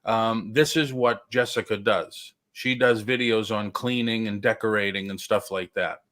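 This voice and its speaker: Low-voiced man hosting a casual livestream. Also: steady tone, fairly bright tone. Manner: halting, many fillers and restarts. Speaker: livestream host.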